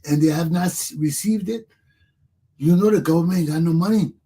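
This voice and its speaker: A man's voice: fairly high pitch, fairly quick, warm tone, slightly rough. A man with a Liberian English accent hosting a talk show, giving impassioned political commentary and repeating himself as he addresses his listeners.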